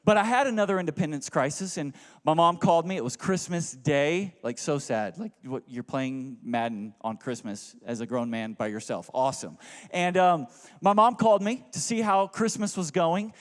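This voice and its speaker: Young male pastor from Houston, high voice, comic storyteller, big echoing hall. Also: moderate pace. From Houston, Texas. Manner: animated, joking, drops to low asides. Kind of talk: humorous storytelling sermon. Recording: long reverb of a large hall.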